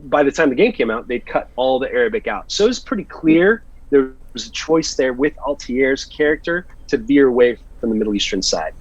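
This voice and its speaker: A man's voice: medium pitch, a little fast, few pauses, dry recording. An American actor, a man, recounting his career in a casual interview, acting out the lines people said to him. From United States. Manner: animated storyteller, acts out quoted lines. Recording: dull, slightly lo-fi sound.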